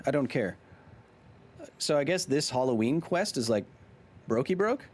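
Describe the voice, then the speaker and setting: Casual gaming streamer, male, 30s, expressive pitch, playful banter with chat. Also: unhurried, husky. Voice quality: animated, jokey, talks to chat. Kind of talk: casual live-stream chatter.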